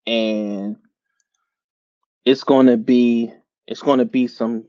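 Philly podcast host, high male voice, dry and slightly dull sound, animated profane sports rant. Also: unhurried, no room sound. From Philadelphia area. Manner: animated, laughing, slangy and profane.

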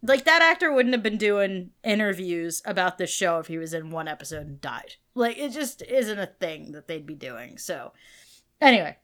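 Chatty woman podcast co-host. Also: on the low side. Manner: animated, fillers, quick opinions, laughs often. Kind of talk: casual chat about a TV show.

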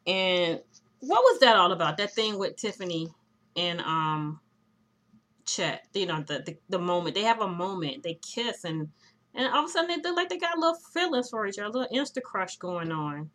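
A woman co-hosting a casual podcast, recapping a TV episode in a chatty, animated way and quoting the characters. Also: medium pitch, normal speed. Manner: chatty, animated retelling with quoted voices. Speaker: podcast co-host recapping a TV show. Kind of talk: casual chat.

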